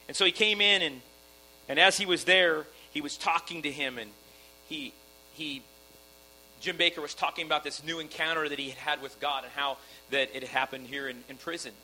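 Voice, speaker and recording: A man's voice: a little high, sharp tone, a little hiss or hum, poor audio. A man preaching a sermon earnestly, often restarting his sentences. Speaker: pastor.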